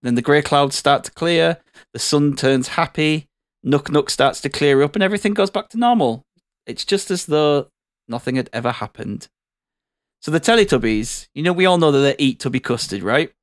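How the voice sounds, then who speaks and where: A man co-hosting a comedy podcast, rambling and hesitant as he spins a dark joke premise. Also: fairly high pitch, animated, moderate pace, dry recording, studio quality. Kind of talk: comedic storytelling chat.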